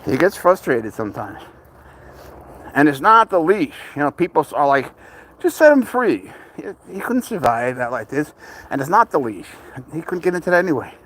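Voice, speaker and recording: Guy talking to his cat on a walk, kinda high voice, soothing, bit of street noise. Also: big pitch swings, moderate pace, a bit bright. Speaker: pet vlogger. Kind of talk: casual vlog talk to camera and pet. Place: outdoors, walking near a cemetery.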